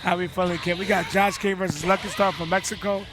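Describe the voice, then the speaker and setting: A male co-commentator trades relaxed, slangy banter over a fighting-game match. His voice is high and he speaks quickly. Music runs clearly underneath. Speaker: esports co-commentator.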